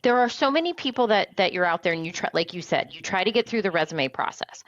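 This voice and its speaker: A woman's voice: fairly low pitch, lively intonation, fast talker, no echo. A woman hosting an interview, chatting in a conversational way, asking questions and backing up her guest's points. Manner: conversational, affirming, asks questions. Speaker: host. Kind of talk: casual interview chat. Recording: dull, slightly lo-fi sound.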